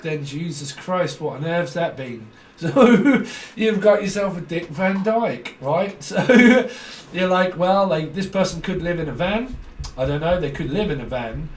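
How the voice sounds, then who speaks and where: A man's voice: a little high, a little hiss or hum. A man giving a rambling, jokey tarot reading and laughing often. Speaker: tarot reader. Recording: roomy echo from a distant mic.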